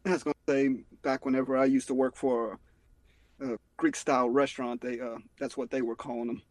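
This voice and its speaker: A man chatting on a podcast, speaking haltingly with many pauses. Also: medium pitch, flat delivery, darkish tone, no room sound, low-quality recording. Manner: hesitant, halting, unhurried. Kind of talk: casual chat.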